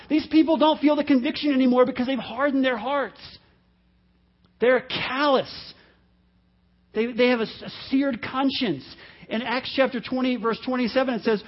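A male pastor with a high-pitched voice preaches a sermon earnestly, often repeating himself and slipping into quoted voices. The audio is dull and lo-fi.

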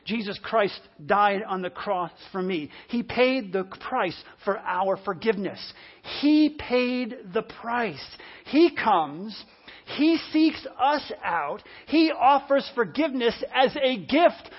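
A preacher delivering a sermon, repeating key phrases and swinging between loud, forceful lines and hushed ones. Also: mid-range voice, animated, slow, dull audio.

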